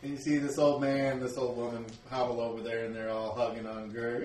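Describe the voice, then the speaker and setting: A man's voice: mid-range voice, flat delivery, fairly quick, hardly any pauses, heavy background noise. A man narrating as game master in a tabletop game, talking casually with lots of fillers, heard in an echoey room from a distant mic.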